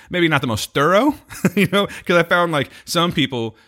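Young male co-host, casual rambling storyteller, bright forceful tone, lively swings. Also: on the high side, normal speed. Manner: rambling, animated storytelling with profanity and laughs. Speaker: podcast co-host. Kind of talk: casual chat.

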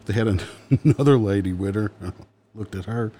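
Southern cop guy, lowish warm voice, dry jokey storytelling. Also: a little fast. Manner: wry, joking, laughs at his own punchlines. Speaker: police officer. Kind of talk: casual storytelling chat.

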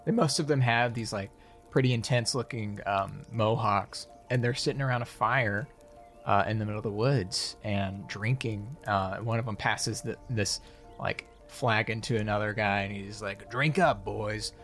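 A man's voice: on the low side, fairly even intonation, moderate pace, fairly bright tone. Guy dm-ing a tabletop game, rambly and casual, faint music underneath. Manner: loose, filler-heavy scene description. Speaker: game master.

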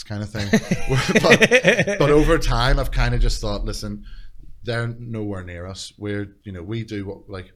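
A man's voice: fairly low pitch, expressive, normal speed, fairly bright tone. A man chatting as a podcast guest, rambling, swearing freely and laughing often. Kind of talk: casual chat.

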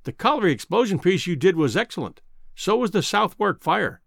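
A man's voice: high voice, sing-song, fairly quick, creaky, fairly bright tone, no room sound, clean studio sound, exaggerated voice. A man voicing a kindly, fussy old Scottish newspaper editor in an audiobook.

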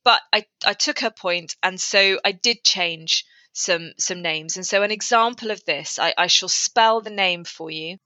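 A woman's voice: lowish voice, measured pace, hardly any pauses, bright, forceful tone, no room sound, highs cut off. A woman author talking through her writing in a casual interview, thoughtful and prone to restarts. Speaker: author guest. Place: lives in North Wales.

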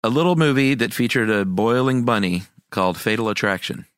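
Low-voiced man in casual movie chat. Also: lively intonation, fairly quick, clean tone, dry recording, clean studio sound. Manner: joking, listing movies with playful intros. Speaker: podcast co-host.

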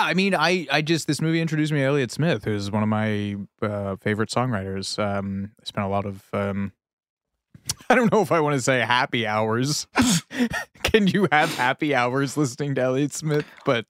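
A man's voice: lowish voice, fairly bright tone, smooth, dry recording, clean studio sound. A man co-hosting a podcast, rambling in a self-deprecating way with lots of fillers and laughs. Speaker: podcast co-host. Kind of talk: casual podcast chat.

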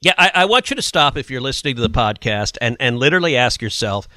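A man's voice: mid-range voice, animated, fast, bright, forceful tone, no echo. A man hosting a political podcast, indignant and sarcastic as he reads quotes aloud and mocks them. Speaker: podcast host. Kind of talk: opinionated political commentary.

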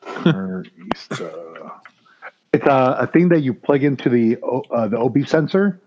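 Male podcast co-host, dry blunt chat, medium pitch, a bit muffled. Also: fairly quick, darkish tone. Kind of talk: casual banter.

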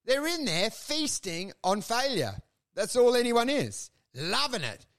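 High-voiced man riffing crudely. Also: measured pace. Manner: animated, crude, acts out bits loudly. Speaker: podcast co-host. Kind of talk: casual comedic chat.

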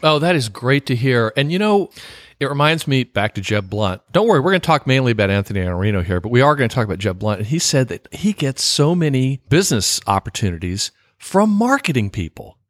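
A man hosting a podcast interview, animated and laughing often. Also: medium pitch, brisk, no room sound, clean studio sound. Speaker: podcast host.

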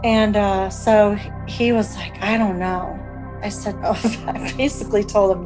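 Middle-aged woman, interviewee, chatty and emotional, acts out old conversations, mid-pitched, faint music behind. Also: steady tone, unhurried. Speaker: interviewee, mother of the story's subject. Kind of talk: recounting events in an interview.

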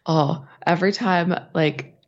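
A woman co-hosting a podcast, husky and stuffed up from a sinus infection, chatting casually, swearing and laughing often. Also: fairly low pitch, slow. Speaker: podcast co-host. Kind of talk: casual chat. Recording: dull lo-fi sound.

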